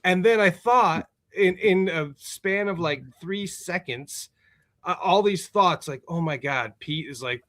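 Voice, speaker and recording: A man with a slightly raised, lively voice tells a story as a guest on a casual podcast. He laughs often, swears freely and fills his talk with loose fillers. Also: a little high. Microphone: remote call setup.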